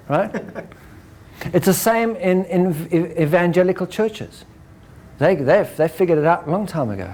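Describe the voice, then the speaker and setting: Brief: higher-voiced man lecturing a crowd, lively, acts out his examples. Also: normal speed. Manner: animated, acts out examples, ends points with "right?". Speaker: speaker. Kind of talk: lecture to an audience.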